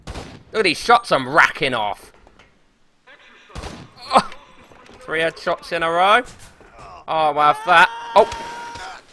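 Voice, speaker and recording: Excitable, bright-voiced young male streamer. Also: high-pitched, slight background noise. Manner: excitable, swearing, laughing often. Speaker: gaming streamer. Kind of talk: live gameplay commentary.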